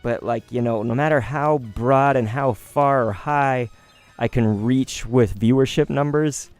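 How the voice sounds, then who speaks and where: A man in his thirties talks on a live stream while he opens trading cards. He is excitable and gushing, and he often breaks into laughs and sighs. His voice sits in a middle pitch, with faint music playing behind him. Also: a little slow.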